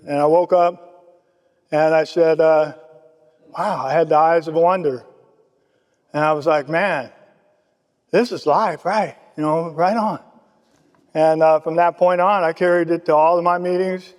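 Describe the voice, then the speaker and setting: A man's voice: a little high, a little mellow, clean tone. Man telling his story in a reverberant hall. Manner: casual storytelling, acts out quoted voices. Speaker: speaker at a recovery meeting. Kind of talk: personal testimony.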